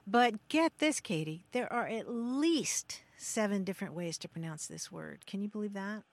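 A woman's voice: medium pitch, expressive, normal speed, vocal fry, no echo. A woman from Kentucky co-hosting a radio show about language, chatting encouragingly with young callers. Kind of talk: casual radio chat.

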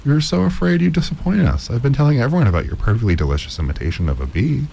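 A man voicing a fussing middle-aged society hostess in a raised, effusive falsetto. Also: big pitch swings, racing, vocal fry, mellow, slight background noise.

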